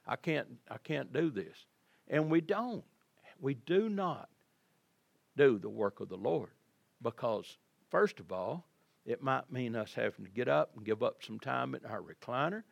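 Gravelly older preacher. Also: male voice, medium pitch, big pitch swings, measured pace, no echo. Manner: folksy, conversational preaching with repetitions. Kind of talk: sermon.

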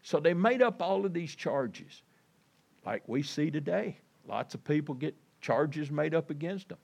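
A man gives a sermon as a pastor, reading scripture and then talking it through in a folksy, conversational way. His voice sits a little high and swoops widely up and down. He speaks to his listeners directly as folks. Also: expressive, unhurried, gravelly, a little mellow.

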